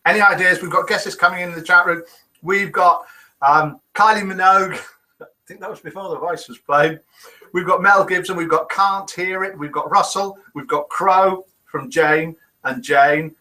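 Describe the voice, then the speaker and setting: A man's voice: high-pitched, moderate pace, pushed and bright, rough recording. A middle-aged man from the United Kingdom hosting a casual live morning show, reading out viewers' guesses with playful, chuckling quiz-master banter. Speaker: host of a daily live show. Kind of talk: casual live-stream chat, reading out comments.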